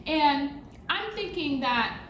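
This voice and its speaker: A woman telling a personal story in a casual vlog, animated, repeating phrases for emphasis, recorded near a road. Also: sits high, slow. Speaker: vlogger. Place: near a road with passing cars. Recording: roomy sound with faint traffic noise. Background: passing traffic.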